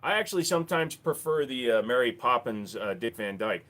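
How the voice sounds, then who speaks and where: A man's voice: mid-range voice, expressive, brisk, few pauses, fairly bright tone. A man hosting a casual livestream, chatting offhand with viewers, rambling and swearing freely into a desk microphone. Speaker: livestream host.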